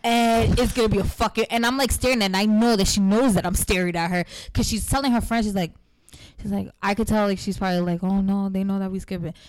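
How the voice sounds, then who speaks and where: A woman's voice: mid-range voice, quick pace. A woman co-hosting a casual chat, telling a story with lots of swearing and acted-out quotes. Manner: animated, swears freely, acts out quotes.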